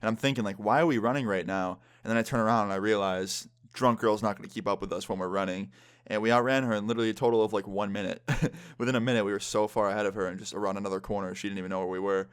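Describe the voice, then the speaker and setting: A man's voice: lowish voice, clear, resonant tone. A young man telling a story casually, with lots of swearing and filler. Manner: fast, animated, lots of swearing and "like". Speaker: vlogger.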